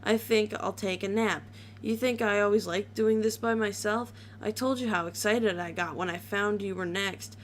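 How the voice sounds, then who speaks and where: A woman voicing a cheerful but sadistic female pony who talks fast and scolds with chirpy menace. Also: mid-range voice, steady tone, slight background noise, natural voice. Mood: scolding.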